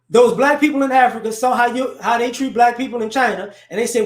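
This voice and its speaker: A man's voice: very high voice, fast talker, few pauses. A man hosting a live stream, giving blunt, confrontational social commentary off the cuff, rambling and repeating words as he builds each point. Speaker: livestream host. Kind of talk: unscripted social commentary rant. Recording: roomy echo.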